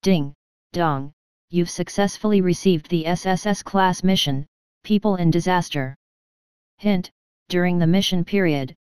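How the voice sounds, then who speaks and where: A woman's voice: lowish voice, a little mellow, smooth, dry recording, close to an everyday voice. A woman voicing a game system that announces notifications in a formal, announcing way.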